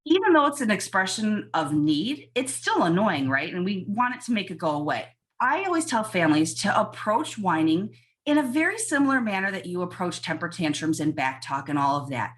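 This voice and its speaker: Woman, pediatrician, emphatic advice, lively pitch, casual podcast chat. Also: brisk. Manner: animated, emphatic advice-giving. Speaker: pediatrician guest.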